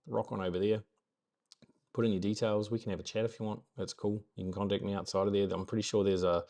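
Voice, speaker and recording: A New Zealand man with a fairly low voice hosts a relaxed morning live stream. He chats in an upbeat, rambling way and circles back to repeat his main points for emphasis. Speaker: host of a daily live stream. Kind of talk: casual motivational live-stream chat.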